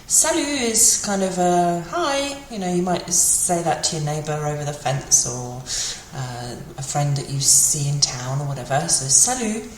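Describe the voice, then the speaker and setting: Woman, low-ish and animated, a chatty language teacher; roomy echo, slight background noise. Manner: chatty, with fillers, repeats example phrases slowly. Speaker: French teacher. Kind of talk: casual spoken language lesson. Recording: echoey room with faint ambient noise.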